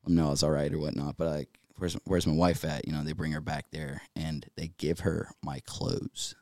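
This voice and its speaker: A man tells his story as a podcast guest, with a low voice picked up close and dry. He talks casually and animatedly, full of fillers, laughs often and acts out what others said to him. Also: flat delivery, brisk, a little mellow, dry recording. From North Carolina.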